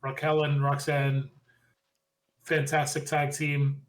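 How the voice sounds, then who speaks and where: A man with a slightly high voice talks quickly and animatedly. He co-hosts a casual podcast and recaps the week's wrestling with strong opinions. He often acts out the lines people said. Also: monotone, low-quality recording. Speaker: podcast co-host.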